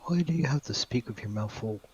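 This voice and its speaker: A man's voice: medium pitch, expressive, brisk, darkish tone, breathy edge, muffled recording. A man playing a tabletop game, teasing the others in joking banter. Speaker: player.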